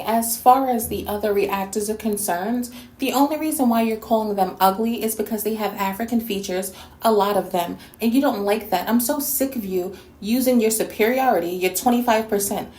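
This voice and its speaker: Woman from New York City, sassy response-video host, blunt and scolding, slightly high voice, echoey room. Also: a little mellow. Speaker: YouTube reactor and host.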